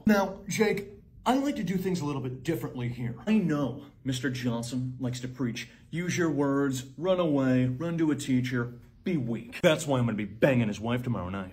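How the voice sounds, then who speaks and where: A young man performing one-man comedy sketches, switching between sarcastic, shouting and soft-spoken characters. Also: medium pitch.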